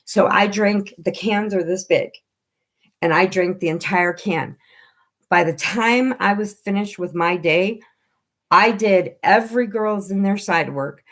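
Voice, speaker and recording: A woman chatting casually on a home live stream, telling lively stories and acting out what people said. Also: mid-range voice, unhurried. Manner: animated storyteller who acts out quoted voices.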